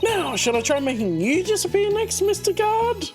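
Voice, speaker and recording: A woman's voice: very high voice, sing-song, normal speed, over music, pitched above the performer's own voice. A woman voicing a bubbly teenage girl stage magician in a sing-song, theatrical way. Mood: cheery.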